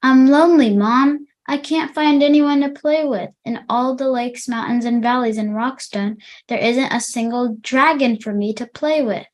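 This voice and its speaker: A woman's voice: fairly high pitch, moderate pace, hardly any pauses, close to an everyday voice. A woman reading a children's story aloud, voicing a lonely young boy dragon in a glum, complaining tone.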